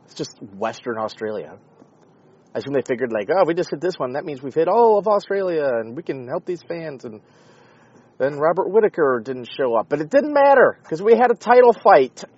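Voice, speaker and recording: A man hosting a podcast, talking in a rambling, sarcastic, profane comedic monologue with a husky voice. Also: fairly high pitch, big pitch swings, fairly quick, a little mellow, muffled recording. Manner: rambling, sarcastic, swears often. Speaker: podcast host.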